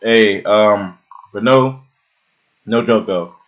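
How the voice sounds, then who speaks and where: A man co-hosting a casual podcast chat, animated and swearing, breaking into loud laughs. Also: fairly low pitch, slow pace, dull audio. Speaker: podcast co-host.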